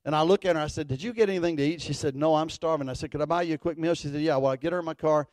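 A middle-aged man, a pastor telling a folksy story in a sermon, animated and building to fervent declarations. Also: a little high, racing, no room sound.

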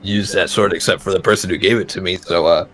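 A man's voice: low voice, fairly even intonation, fast talker. A man playing a tabletop game, answering in character casually. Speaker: player. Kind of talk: tabletop role-play.

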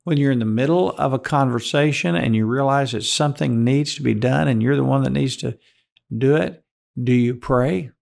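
A man's voice: mid-range voice, moderate pace, vocal fry, a little mellow. A man preaching a sermon who earnestly puts direct questions to his listeners.

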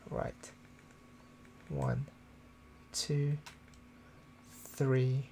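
A young man from the UK chatting casually and quietly with viewers during a game live stream, recorded on a desktop microphone at home. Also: mid-range voice, completely flat delivery, drawn-out words, gravelly, a little hiss or hum. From United Kingdom. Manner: talks quietly to keep from waking neighbors at night. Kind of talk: casual live-stream chat while playing. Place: room at home, early morning. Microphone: desktop USB microphone.

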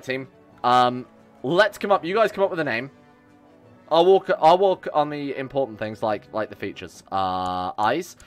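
A young man, chatting casually and joking with his chat while he sets up a strategy game on stream. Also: medium pitch. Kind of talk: live game commentary. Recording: faint music behind.

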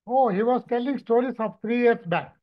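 A man, a mridangam teacher and therapist, telling stories in an animated lecture, often repeating and restarting words. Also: very high-pitched, moderate pace. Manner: animated storytelling, frequent repetitions and restarts. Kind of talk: lecture with anecdotes. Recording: dull lo-fi recording.

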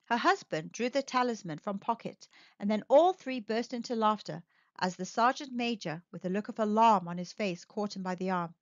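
A woman narrating a classic story clearly and expressively for English learners. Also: mid-range voice, expressive, normal speed, no room sound. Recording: dull dry recording.

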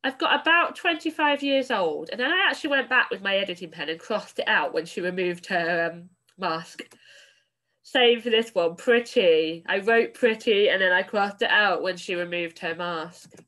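Expressive woman teacher reading aloud. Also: medium pitch, moderate pace. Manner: expressive storytelling, then clear instruction. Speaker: primary school teacher. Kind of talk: reading a novel aloud in an online lesson.

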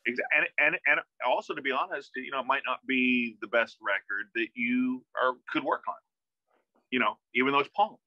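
A man, a musician guest in a casual interview, telling an animated story that acts out quoted dialogue, with many restarts, heard over a video call. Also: mid-range voice, moderate pace, dry recording. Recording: dull, dry video-call audio.

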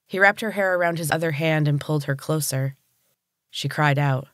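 A storyteller reading a dark novel chapter aloud in a steady, unhurried way. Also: mid-range voice, no echo, studio quality. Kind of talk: audiobook narration.

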